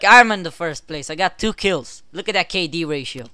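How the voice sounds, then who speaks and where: A young man commenting casually on a game he plays with a friend, excitable and swearing, often bursting into shouts. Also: on the high side, a little fast, clean tone. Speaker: gamer.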